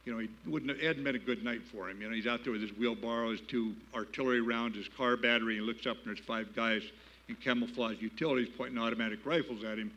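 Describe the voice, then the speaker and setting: A man's voice: mid-range voice, fairly even intonation, fast, bright, forceful tone. Older guy telling a story at a gala, plain-spoken and folksy, middle voice, bit muffled. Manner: plain-spoken, folksy, building to emphatic patriotic appeals. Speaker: keynote speaker. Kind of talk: storytelling speech. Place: gala banquet hall.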